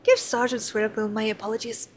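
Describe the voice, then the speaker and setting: A woman's voice: fairly high pitch, level tone, a little fast, close to an everyday voice. A woman voicing a chatty, fond old pirate crewmate in a salty sailor's dialect while reading game dialogue aloud. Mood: rueful.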